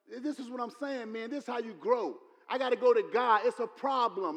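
A man preaching a sermon, repeating his points and building to loud exclamations. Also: very high-pitched, fast talker, few pauses. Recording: long hall reverb.

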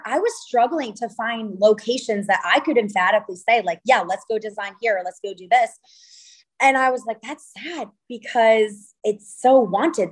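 A woman in her thirties, originally from California, talks about her venue business in a relaxed interview. Her speech is chatty and animated, full of little asides and "like," and she often acts out what people said to her. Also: mid-range voice, poor audio. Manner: chatty, animated storytelling with frequent "like". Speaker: venue owner and wedding designer. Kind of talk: casual interview conversation.

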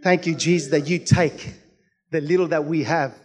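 A male pastor delivers a sermon in a fervent, rhythmic style, repeating key phrases and calling out to his congregation. His voice sits high for a man. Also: steady tone, moderate pace. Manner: fervent, rhythmic preaching with repeated calls to the church.

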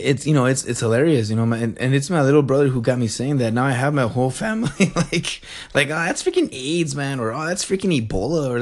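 A young man tells a story in a loose, animated rant. He rambles, loses his thread, swears freely and breaks into laughs. His pitch sits in the middle of the usual male range. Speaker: vlogger.

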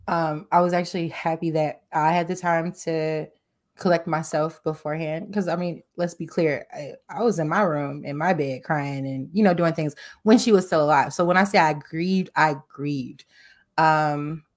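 This woman, co-hosting a relaxed group chat with friends, opens up with candid personal stories told in an animated way. Her voice is lowish.

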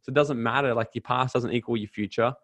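Energetic young Australian man, dry sound. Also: medium pitch, fast, no echo. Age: 20s. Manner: emphatic, energetic, preachy, swears casually. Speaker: podcast guest. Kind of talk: motivational talk.

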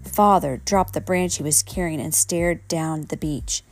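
A woman's voice: low-pitched, a little slow, soft background music. A woman reading a children's storybook aloud at home, an unpolished reading with slips and self-corrections. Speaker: reader.

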